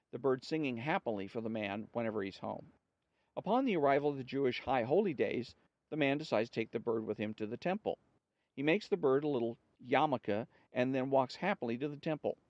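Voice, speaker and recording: A man hosts a story podcast, reading jokes aloud in an unhurried, conversational way. His voice sits at a middling pitch. The recording is dry and slightly muffled. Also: a little mellow, dry recording.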